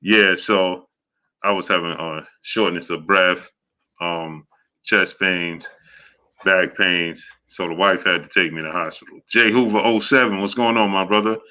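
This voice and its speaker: Low, bright-voiced male streamer. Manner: halting, many fillers and restarts; greets viewers by name in a steady run-through. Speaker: host of a boxing live stream. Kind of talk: casual live-stream chat, greeting viewers by name.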